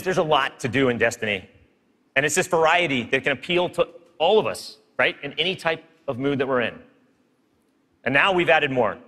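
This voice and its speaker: Bright-voiced guy doing a stage keynote, pumped, big echoey hall. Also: a little high. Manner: upbeat, hyping up a live audience. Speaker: game studio presenter. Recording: long hall reverb from live stage.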